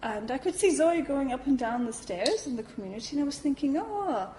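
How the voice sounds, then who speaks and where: A woman giving a talk at a Buddhist centre, telling a personal story in a lively way, acting out her reactions and saying "you know" often. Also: sits high, fast talker, slight background noise, rough recording.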